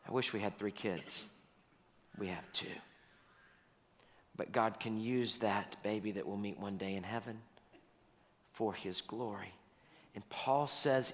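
A man's voice: lowish voice, animated, measured pace, long pauses. Man, pastor, sermon, storytelling, repeats key lines, reverberant hall.

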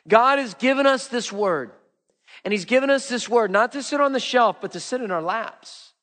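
A middle-aged man preaching a sermon, swinging between emphatic repeated lines and hushed low ones. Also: animated, normal speed, big-room sound. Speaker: pastor.

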